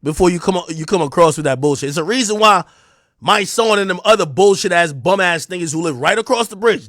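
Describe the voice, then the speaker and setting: A man's voice: lively intonation, brisk, no echo, clean studio sound. Taunting man ranting on a livestream. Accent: New Jersey. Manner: taunting, confrontational, swings between loud and low. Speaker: livestream host. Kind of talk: heated livestream rant. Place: home streaming room.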